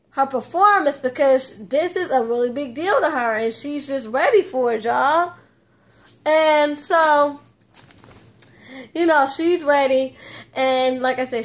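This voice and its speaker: A woman giving a casual, chatty recap of a reality TV episode, retelling scenes with slang and lively asides. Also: high voice. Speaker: TV recap host.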